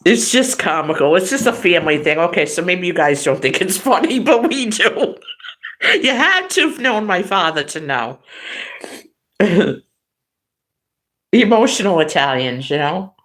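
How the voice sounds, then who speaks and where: A woman's voice: lowish voice, animated, measured pace, pauses often, a bit bright. A middle-aged woman hosting a livestream, telling family stories in a chatty way and laughing often. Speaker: livestream host. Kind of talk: casual chat.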